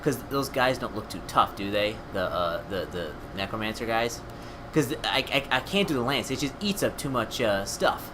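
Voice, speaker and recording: Young man, gaming commentary, excitable, lively pitch, playful trash talk, clear air-conditioner hum. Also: moderate pace. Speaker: co-host gamer. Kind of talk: casual let's-play commentary.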